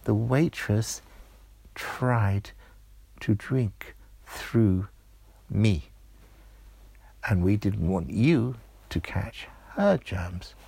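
A man voicing small, protective talking straws in a told story, soft and earnest. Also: fairly low pitch, lively intonation, extremely slow, vocal fry, pauses often, husky, full character voice. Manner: soft, earnest, explaining patiently.

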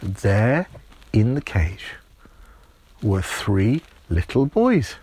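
A man telling an improvised bedtime story in a lively, playful way. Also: lowish voice, extremely slow, slightly rough.

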